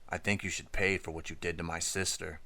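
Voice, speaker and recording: A man reading a menacing teenage girl with a second personality, slow and flat, in a hoarse, purring, cat-like voice. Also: sits low, no echo. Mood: cold menace.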